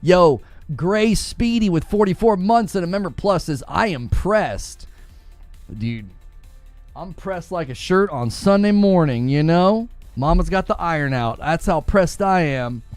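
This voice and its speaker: A man's voice: sits high, animated, unhurried, a little mellow, no echo, faint music behind. A man hosting a gaming live stream, chatting casually, reading viewer comments and laughing often as he riffs on jokes.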